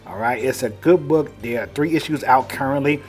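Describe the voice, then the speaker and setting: A man's voice: medium pitch, brisk, soft background music. A man giving a casual, rambling recap of a comic book, full of "you know" and "like".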